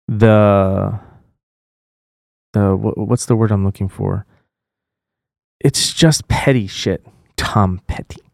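A man co-hosting a podcast, ranting with a lot of swearing as he airs grievances. His voice sits at an ordinary middle pitch. The sound is close and dry, with no room around it. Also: darkish tone, clear, resonant tone, no echo. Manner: profane, heated venting. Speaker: podcast co-host. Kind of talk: casual podcast chat.

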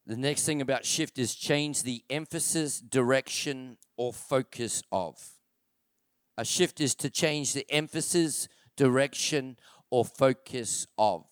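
Emphatic preacher man with a smooth, dry voice. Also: mid-range voice, takes it slowly, no room sound. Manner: emphatic preaching, repeats key phrases for stress; rhetorical questions with calls to the congregation. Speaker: pastor. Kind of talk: sermon. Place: church.

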